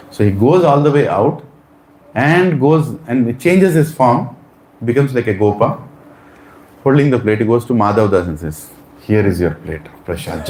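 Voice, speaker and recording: A man's voice: mid-range voice, a little mellow, echoey room, rough recording. A man telling a devotional story in a religious lecture, acting out the characters' lines.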